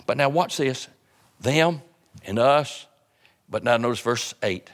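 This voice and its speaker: Speaking at a moderate pace, this male pastor delivers a sermon to his church conversationally. He leans on repeated phrases and lets his voice drop low to stress key points.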